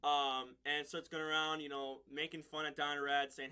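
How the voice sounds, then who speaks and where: A man with a high, very bright, cutting voice talks through a TV episode in a loose, casual review. He rambles and chuckles often as he recaps. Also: level tone, moderate pace, few pauses, clear, resonant tone.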